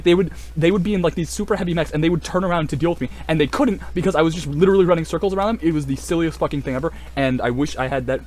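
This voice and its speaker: A young man rambling excitedly in casual video commentary, swearing a lot and full of fillers. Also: on the high side. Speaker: video creator.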